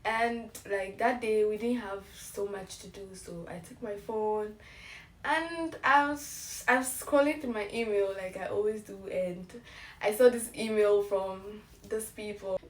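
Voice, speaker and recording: A woman's voice: mid-range voice, measured pace, roomy sound, recorded from a distance, slight background noise. A young woman in her twenties from Ghana, telling a casual story-time vlog and laughing as she acts out the emails she got. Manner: animated, laughing, acts out emails in bright voices. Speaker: vlogger.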